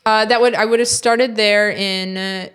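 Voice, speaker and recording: A woman in her thirties from Minnesota, a dog trainer telling her story as a guest in a casual interview, chatty with quick asides. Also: medium pitch, fairly even intonation, a bit bright, clean tone.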